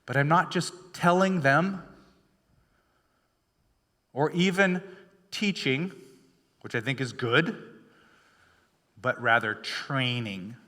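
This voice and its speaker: A man's voice: mid-range voice, takes it slowly, long pauses, sharp tone. A male pastor preaching a sermon in a chatty storytelling way, full of fillers and restarts, in a church. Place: church sanctuary. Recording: long hall reverb.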